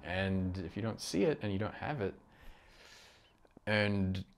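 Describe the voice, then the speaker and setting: Low-voiced man musing aloud. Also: expressive, creaky. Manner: rambling, halting, many restarts and profanity. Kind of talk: casual monologue. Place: home room.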